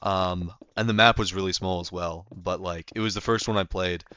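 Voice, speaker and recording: A man's voice: deep voice, steady tone, moderate pace, pushed and bright, clean tone, no room sound, highs cut off. A young man live-streaming a game, chatting casually and rambling with lots of fillers.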